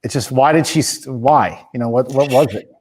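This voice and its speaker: A man hosts a podcast conversation and asks his guest questions. He speaks haltingly and repeats words as he works toward each question. His voice sits at an ordinary pitch. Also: a little mellow. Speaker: podcast host.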